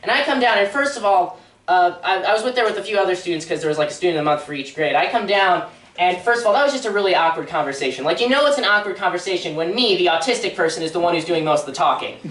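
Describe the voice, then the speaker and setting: A woman's voice: lowish voice, lively intonation, very fast, a bit bright. A teenage girl doing a stand-up comedy routine on a local theatre stage, rambling and self-deprecating, laughing at her own jokes. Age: teens. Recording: echoey room from far off.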